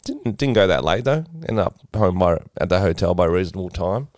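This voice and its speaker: A young Australian man trades playful banter on a podcast. His voice sits low but swings widely in pitch. It is smooth and clear, recorded close and dry. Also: expressive, brisk, a little mellow, no echo. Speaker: podcast co-host. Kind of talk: casual chat.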